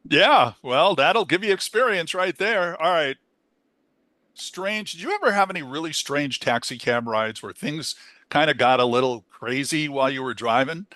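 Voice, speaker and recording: A man's voice: fairly high pitch, expressive, moderate pace, bright, forceful tone, dry recording. A man co-hosting a podcast, chatty and playful, asking questions and plugging the show. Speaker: podcast co-host. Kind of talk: casual podcast chat.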